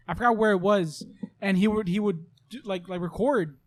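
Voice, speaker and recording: A man's voice: high voice, moderate pace. A man on a podcast retelling a video he saw, rambling and repeating himself in a casual chat. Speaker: podcast guest.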